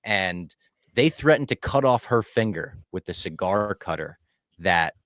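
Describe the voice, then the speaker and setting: Young man, podcast co-host, casual chat, animated recap, dry close sound. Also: deep voice, unhurried, no echo. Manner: animated, recaps scenes acting out lines.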